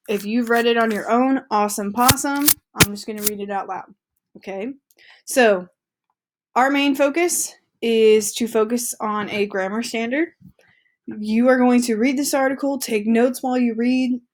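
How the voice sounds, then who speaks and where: A woman teacher reading an article aloud to her students in a chatty, upbeat way with casual asides. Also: on the high side.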